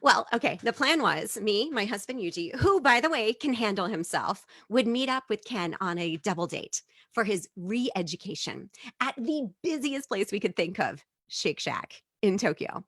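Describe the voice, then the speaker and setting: A middle-aged woman, an immigrant living in Japan, telling a personal story in a stand-up set, animated and jumping in pitch when she acts out what others said. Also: moderate pace, slightly rough, no room sound, clean studio sound. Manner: animated, acts out quotes with big pitch jumps.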